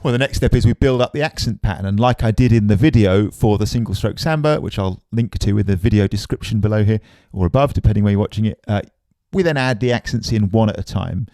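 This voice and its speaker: A man giving a relaxed, chatty drum lesson, often tossing in "man". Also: lowish voice, fast, dry recording, soft background music. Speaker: drum teacher. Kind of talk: casual spoken drum lesson.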